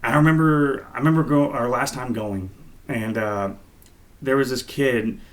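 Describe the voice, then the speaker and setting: A man co-hosting a podcast, telling stories in a relaxed, rambling way with lots of fillers. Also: medium pitch, normal speed. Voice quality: laid-back, rambling with many fillers. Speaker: podcast co-host. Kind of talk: casual storytelling chat.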